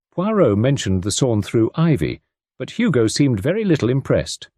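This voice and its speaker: Guy reading a mystery audiobook, animated delivery, dead dry sound. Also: mid-range voice, moderate pace, no room sound. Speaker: narrator. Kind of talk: audiobook narration.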